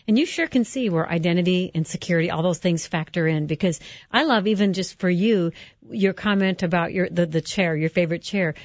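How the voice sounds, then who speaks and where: Woman host, lowish voice, affirming, reflective, dry dull recording. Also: darkish tone, no room sound. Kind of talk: radio-style interview hosting.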